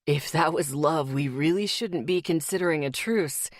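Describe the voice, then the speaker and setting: Woman doing a brooding young male werewolf, low growling voice, clipped, dry audiobook sound. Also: moderate pace, dry recording. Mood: bitter. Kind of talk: audiobook character voice.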